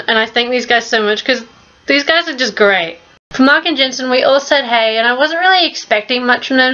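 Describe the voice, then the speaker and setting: A young woman narrating her vlog in a voice-over, telling an excited fan story with casual swearing. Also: on the high side, highs cut off. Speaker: vlogger.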